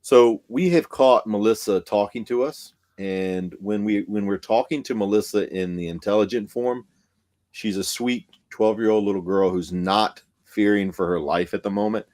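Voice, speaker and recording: A man, a paranormal investigator guest telling a story in casual podcast chat, excited and profane, with many fillers. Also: lowish voice, normal speed.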